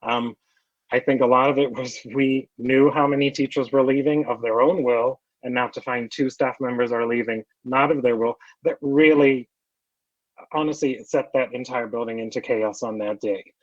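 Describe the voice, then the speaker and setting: Earnest, frustrated man, halting delivery; muffled dry online-meeting sound. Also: mid-range voice, fairly even intonation, no room sound. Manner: earnest, frustrated, hesitant with fillers. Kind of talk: meeting remarks.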